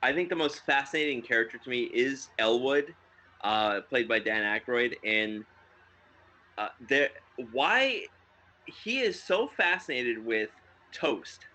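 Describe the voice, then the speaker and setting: A man's voice: mid-range voice, animated, slow, sharp tone. A man co-hosting a podcast in casual chat, rambling with many fillers and frequent laughs. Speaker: podcast co-host.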